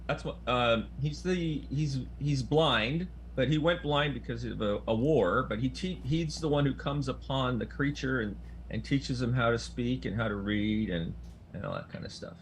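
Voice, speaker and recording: A man chatting as a panel guest, telling his story in an animated, chatty way. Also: mid-range voice, moderate pace, a little hiss or hum. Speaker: panel guest, stage actor. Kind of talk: casual panel chat.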